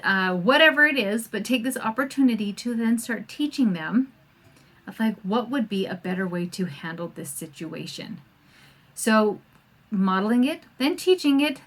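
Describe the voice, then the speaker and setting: A middle-aged woman talks through her homeschooling podcast in a chatty, animated way. She slips into small acted-out voices whenever she quotes someone. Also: medium pitch, unhurried. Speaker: podcast host and homeschool coach. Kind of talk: casual podcast talk.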